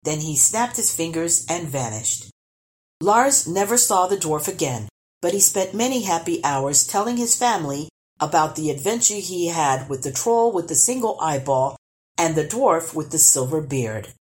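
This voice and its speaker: A woman reading a children's storybook aloud, expressive and lively. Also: low-pitched, normal speed. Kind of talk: storybook read-aloud narration.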